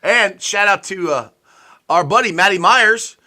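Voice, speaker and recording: A man's voice: high-pitched, unhurried. A man co-hosting a casual sports podcast, telling stories with lots of laughter and acted-out quotes. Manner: animated storyteller, laughs often, acts out quotes. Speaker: podcast co-host.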